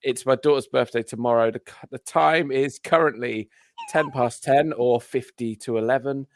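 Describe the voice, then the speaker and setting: A man with a sore throat, hosting a podcast in a relaxed, rambling chat. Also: mid-range voice, normal speed, dry recording. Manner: rambling, relaxed, filler-heavy. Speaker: podcast host. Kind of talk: casual chat.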